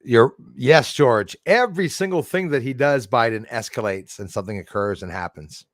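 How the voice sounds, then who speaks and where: A man's voice: mid-range voice, lively intonation, moderate pace, no echo. Blunt, profane man ranting on a live stream. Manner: blunt, profane, rambling, laughs at critics. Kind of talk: casual live-stream rant to chat. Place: outdoors in a forest.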